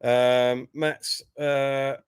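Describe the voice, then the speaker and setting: A man co-hosting a fan live stream in a quiet, relaxed way, reading out viewers' comments. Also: mid-range voice, very slow, clear, resonant tone, dry recording, clean studio sound.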